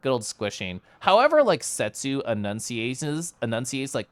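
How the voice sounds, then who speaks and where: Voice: medium pitch, sing-song, normal speed, hardly any pauses, no room sound. A streamer casually chatting with viewers while playing a game, giggly and playful. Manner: giggly, playful, talking to chat. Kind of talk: casual live-stream gameplay chat. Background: faint game music.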